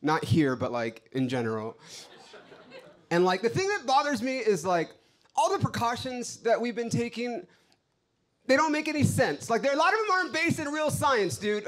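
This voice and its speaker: A man's voice: extremely high pitch, fairly bright tone. A man doing a brash, profane stand-up set on a club stage, ranting to the crowd. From Los Angeles. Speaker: stand-up comedian.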